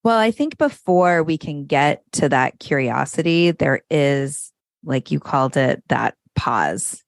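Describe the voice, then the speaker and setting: Middle-aged woman, parenting coach, frank and candid, lowish voice, dry close sound. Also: expressive, a little slow, creaky, no room sound. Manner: candid and frank, swears freely. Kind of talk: casual conversation.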